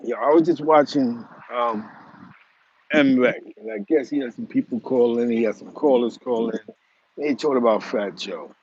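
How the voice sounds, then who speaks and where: A man's voice: mid-range voice, normal speed, darkish tone, lo-fi sound, slight background noise. A man from the Bronx, hosting his show and giving a rambling, emphatic commentary with many restarts. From the Bronx, New York. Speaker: host. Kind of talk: casual commentary monologue.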